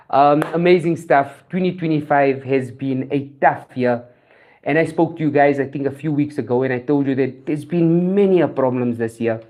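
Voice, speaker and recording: A South African woman hosting a show, giving an earnest motivational talk. She repeats key phrases for emphasis, in a somewhat low voice. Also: dark tone. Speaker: show host.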